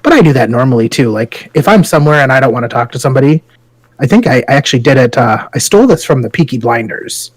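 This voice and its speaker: A man's voice: mid-range voice, expressive, quick pace, no echo, poor audio. A man co-hosting a podcast, chatting casually, telling stories with profanity and frequent laughter. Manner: profane, storytelling, laughs often. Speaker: podcast co-host. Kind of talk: casual chat.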